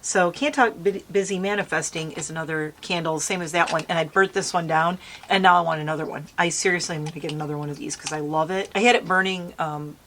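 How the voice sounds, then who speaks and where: A woman's voice: low-pitched, steady tone, quick pace, hardly any pauses, a bit bright, a little hiss or hum. A woman chatting casually with her viewers as she does her makeup outdoors in a light breeze. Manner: chatty, bubbly, talks to viewers while doing makeup. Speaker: beauty vlogger. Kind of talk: casual makeup tutorial chat.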